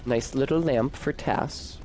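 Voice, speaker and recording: A man's voice: mid-range voice, takes it slowly, darkish tone, a little hiss or hum. A man streaming a video game, chatting casually in a rambling, profane and wry way. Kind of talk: casual gameplay commentary.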